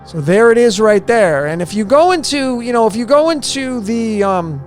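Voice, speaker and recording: A man's voice: very high-pitched, lively intonation, moderate pace, faint music behind. A man presenting a conspiracy-style decoding video, emphatic and repetitive, firing off rhetorical questions and answering them himself.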